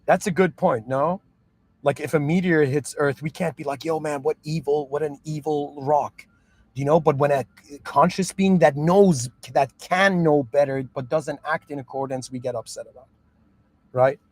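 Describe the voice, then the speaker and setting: A man's voice: fairly high pitch, normal speed. A man who moved to Canada as a child, talking earnestly in a reflective monologue, restarting often and checking that the listener understands. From moved to Canada at seven. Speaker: podcast host.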